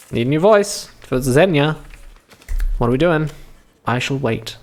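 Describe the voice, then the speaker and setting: A man's voice: medium pitch, brisk, darkish tone. A man in his twenties streaming himself reading a visual novel aloud, with crude offhand asides. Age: 20s.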